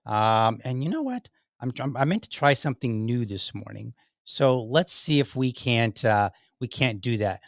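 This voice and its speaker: A man's voice: medium pitch, moderate pace, vocal fry, dry recording, clean studio sound. Joking, rambling podcast host, a man. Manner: joking, rambling, with self-mocking asides. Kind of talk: casual political podcast talk.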